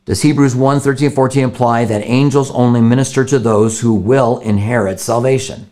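A man speaking as a pastor, working through questions from viewers one at a time. His voice sits at a middle pitch, and he talks in an earnest, conversational way, restarting and repeating words to press a point. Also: steady tone, moderate pace, hardly any pauses, a little mellow. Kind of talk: live question-and-answer teaching.

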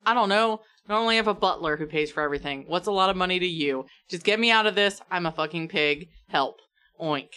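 A woman's voice: lowish voice, fast talker, sharp tone, clear, resonant tone. A woman voicing a spoiled rich young man turned into a pig in a tabletop game, frantic, swearing and entitled. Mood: panicked.

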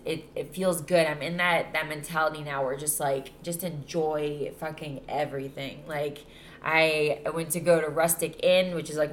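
A woman's voice: low voice, slight background noise. A young woman hosting her podcast, exhausted after a trip, talking candidly in a rambling way and swearing freely. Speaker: podcast host. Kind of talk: casual solo podcast chat.

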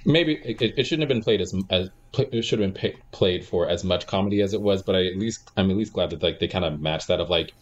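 Deep-voiced man, halting, dull mic. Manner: halting, searching for words. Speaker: podcast co-host. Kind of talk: casual film review chat.

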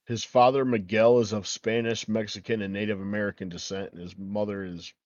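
Low-voiced, matter-of-fact man on a podcast. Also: level tone, brisk, darkish tone, no room sound. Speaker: podcast co-host. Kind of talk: casual chat reviewing a TV episode. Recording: dull lo-fi dry sound.

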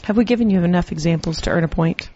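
Lively mother chatting on a podcast. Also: lowish voice, fast. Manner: lively, acts out child and parent voices. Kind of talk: casual podcast conversation. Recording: dull lo-fi audio.

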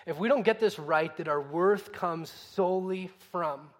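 Pastor guy with a pretty high voice, chatty preaching, lots of questions, echoey hall sound. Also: measured pace. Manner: conversational preaching, rhetorical questions. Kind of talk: sermon.

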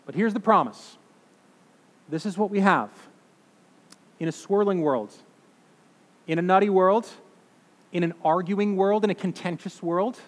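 A man in his thirties or forties preaching a sermon, emphatic, swinging between loud declarations and hushed, slow phrases. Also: high-pitched. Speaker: pastor. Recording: long reverb of a large hall.

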